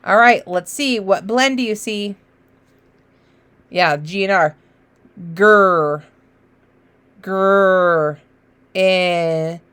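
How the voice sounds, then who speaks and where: A woman teacher giving a children's phonics lesson, encouraging and sounding out letters slowly. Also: mid-range voice, animated, fairly bright tone.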